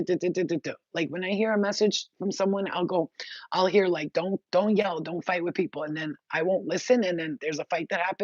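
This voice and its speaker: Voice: mid-range voice, dry recording. Blunt, profane tarot reader, dull lo-fi sound. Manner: chatty, addresses viewers directly. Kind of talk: casual spiritual advice talk.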